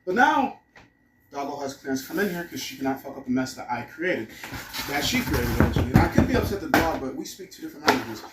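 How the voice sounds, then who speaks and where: A man's voice: fairly high pitch, very animated, quick pace, reverberant, recorded from a distance, noisy background. A man vlogging casually at home, rambling and cursing as he muses aloud. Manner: rambling, profane, musing aloud. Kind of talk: casual vlog monologue. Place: room at home.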